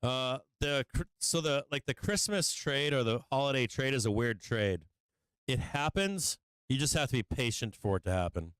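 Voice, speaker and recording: Male trading-stream host, casual and rambling, profane venting, smooth voice, dry close sound. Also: mid-range voice, lively intonation, normal speed, a bit bright, no room sound, low-quality recording. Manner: profane, venting frustration, laughing at himself; rambling with fillers and restarts. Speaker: livestream stock trading host. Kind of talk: casual live-stream market talk.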